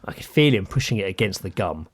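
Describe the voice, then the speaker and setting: Low-pitched and fast, this man co-hosts a podcast and shares a story in casual talk. He's animated, acting out quotes from others with a lot of profanity.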